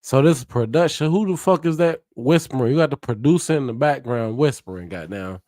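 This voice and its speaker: A man's voice: mid-range voice, expressive, fairly quick, a little mellow, no room sound, studio quality. A man hosting a live reaction stream, chatty and hyped, often laughing and swearing freely. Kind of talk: casual live reaction commentary.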